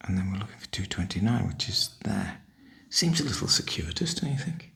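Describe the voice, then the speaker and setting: An older man, softly half-whispering a wry, chatty ASMR ramble. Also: low voice, very animated, fairly quick, gravelly, husky. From northern UK. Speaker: ASMR host.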